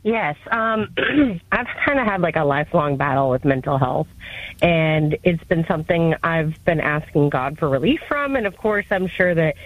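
A woman's voice: low voice, animated, normal speed, dry recording, narrow, tinny audio. A woman in her thirties calling in with a question, hesitant and emotional, with many fillers. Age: 30s. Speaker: caller. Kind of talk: call-in question.

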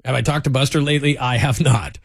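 A man's voice: mid-range voice, steady tone, fast, gravelly, breathy edge, dry recording, studio quality. A man hosting a sports talk radio show, telling stories in a chatty way with lots of fillers. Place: radio studio. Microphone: studio microphone.

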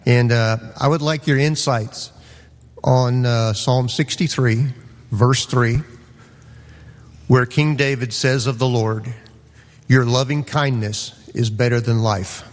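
A man's voice: mid-range voice, fairly even intonation, slow, in a large hall. A man from Florida, an audience member, politely asking a Bible question with some hesitation. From Florida, USA.

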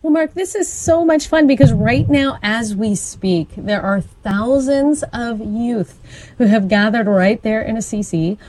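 A woman's voice: on the high side, lively intonation, unhurried, darkish tone, low-quality recording. A woman chatting about church events in an upbeat, informative way, with the occasional restart. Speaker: co-host. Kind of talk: conversational Catholic radio chat.

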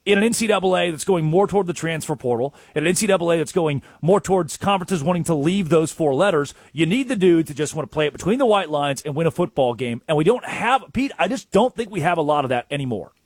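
A man co-hosting a sports talk show, telling stories in an excitable way and acting out quotes. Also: fairly high pitch, fast, few pauses, husky, no room sound, studio quality. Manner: storytelling, acts out quotes, excitable.

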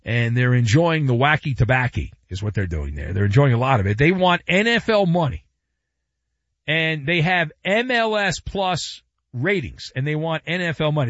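A man's voice: a little high, sing-song, normal speed, a bit bright, no room sound, highs cut off. A man hosting a sports talk show, delivering a sarcastic, wisecracking monologue. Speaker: sports radio host.

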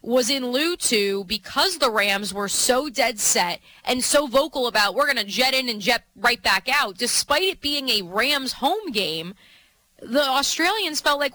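Bright-voiced woman co-hosting sports radio. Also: a little high, animated, measured pace, no room sound, low-quality recording. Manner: chatty, playful, trails off and restarts. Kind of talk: casual sports radio banter.

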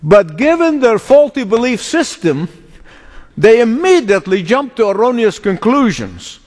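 A man preaching a sermon, stressing his points with dramatic slow passages and sudden outbursts, chuckling now and then between points. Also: extremely high pitch, big pitch swings, darkish tone, big-room sound. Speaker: pastor.

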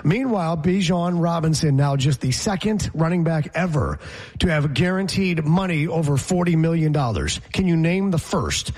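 A man with a husky, slightly high voice co-hosts a sports talk show. He talks in a loose, opinionated way and likes to toss trivia questions at his partner. His delivery is casual and conversational. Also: expressive, moderate pace, darkish tone. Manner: opinionated, quizzes his co-host. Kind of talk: casual sports radio chat.

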